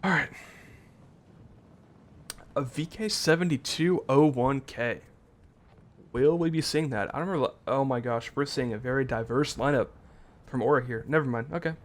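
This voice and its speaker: Calling a tank game match online, this esports commentator talks at a normal speed in a mid-range voice, stopping often. He rambles informally, corrects himself a lot, and lets thoughts fade out with filler words.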